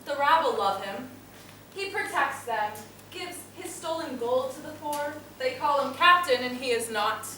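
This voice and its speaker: Woman cast as a sneering male redcoat officer, bright, sharp voice, distant echoey hall. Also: sits high, animated, measured pace, slight background noise, full character voice. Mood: contemptuous. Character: scornful male British redcoat lieutenant. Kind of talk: stage play reading.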